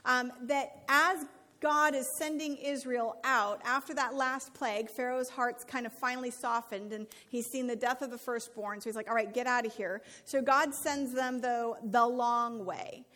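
High-pitched lady preaching, reading scripture and chatting in between, echoey church hall. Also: steady tone, moderate pace, sharp tone. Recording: long reverb of a hall.

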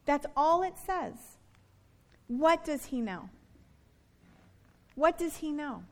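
A woman in her thirties, a pastor delivering an earnest sermon and slowing down to stress key words. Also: sits high, lively intonation.

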